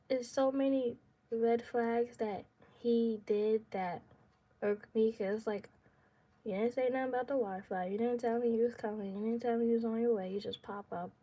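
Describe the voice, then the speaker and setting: A woman's voice: a little high, warm tone. A young woman vlogger telling a personal story in casual, slangy speech, dramatic and full of laughs.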